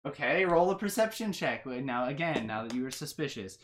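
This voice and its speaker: A woman's voice: a bass voice, expressive, fairly quick, a little hiss or hum. A woman running a tabletop game as game master, narrating casually and hesitantly. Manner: hesitant, many ums and uhs.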